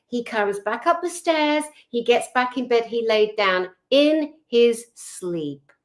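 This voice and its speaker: Brief: woman, guest on a video call, chatty storyteller with a fairly high voice, lots of ums and sos. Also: slow. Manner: animated, chatty, with frequent fillers.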